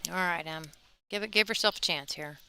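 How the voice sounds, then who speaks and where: A woman's voice: lowish voice, brisk, pushed and bright, clear, resonant tone, no echo. A woman commentating a live pool tournament stream in a chatty, casual way, laughing easily and plugging the stream. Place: tournament venue.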